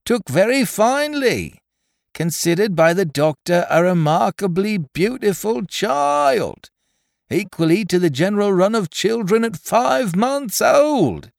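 A man voicing an excited young mother who blurts short, shrill exclamations. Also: no echo, clean studio sound.

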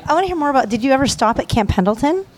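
A woman's voice: high-pitched, expressive, racing, slight background noise. A woman hosting a podcast, frank and asking probing questions. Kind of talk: casual podcast chat.

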